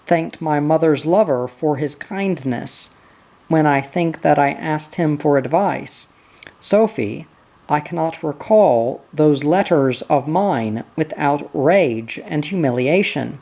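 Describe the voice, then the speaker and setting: A reader voicing an eighteen-year-old prince who talks in a proud, intense and resentful way. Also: male voice, on the high side, expressive, slow, vocal fry, a little mellow, heavily acted. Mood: bitter earnest. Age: teens.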